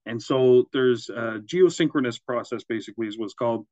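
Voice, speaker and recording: A man's voice: mid-range voice, a little fast, a little mellow, no echo, lo-fi sound. A man co-hosting a casual podcast, rambling through examples and laughing at his own jokes. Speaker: podcast co-host. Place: Quebec, Canada.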